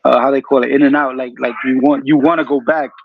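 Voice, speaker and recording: Gravelly laid-back man on lo-fi audio. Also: mid-range voice, steady tone, fast talker, no room sound. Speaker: guest, former member. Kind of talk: casual conversation. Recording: dull lo-fi audio.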